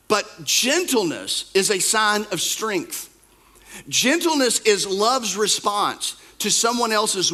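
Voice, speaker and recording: A pastor preaching a sermon in church, stressing his points by repeating them and swinging from soft asides to loud outbursts. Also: sits high. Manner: emphatic, repeats key phrases.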